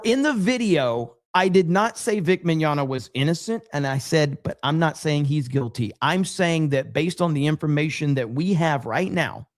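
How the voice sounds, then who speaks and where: Profane, animated man. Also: on the high side. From USA. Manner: blunt, profane, animated storytelling. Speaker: podcast host. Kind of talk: casual livestream chat.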